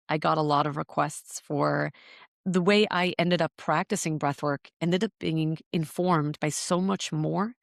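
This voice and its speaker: This low-voiced woman, heard with vocal fry, is a breathwork teacher recounting her story on a podcast. Her reflective, earnest delivery searches for words and often repeats them. The recording is dry and clean, studio-grade.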